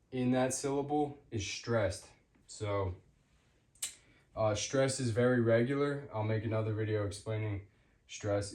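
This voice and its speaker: A man giving an unscripted language lesson, pausing often with ums and restarting his sentences. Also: medium pitch, a little mellow, reverberant. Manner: hesitant, with many ums and restarts. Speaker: language teacher.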